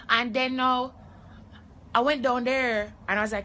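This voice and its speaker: Young woman, Jamaican accent, high bright voice, animated comic storytelling vlog. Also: a little fast, a little hiss or hum. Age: young adult. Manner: animated, acts out voices in her stories. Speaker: comedy vlogger.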